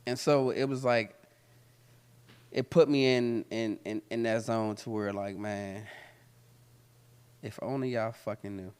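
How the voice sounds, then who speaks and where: A man hosting a candid talk, telling personal stories full of swearing and laughter, then turning quiet and reflective. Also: fairly low pitch, steady tone, measured pace, pauses often, smooth. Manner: profane, laughs often while telling stories; turns quiet and reflective when serious. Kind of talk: candid storytelling conversation. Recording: long hall reverb.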